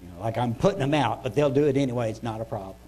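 A man's voice: medium pitch, very fast, darkish tone, low-quality recording. Older man giving a folksy devotional talk. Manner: conversational and folksy, often clears his throat. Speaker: devotional speaker.

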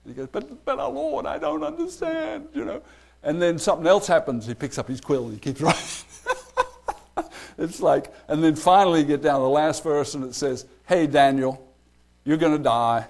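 Animated man teaching a Bible study. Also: on the high side, brisk. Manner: animated, chatty, laughs often, acts out quotes.

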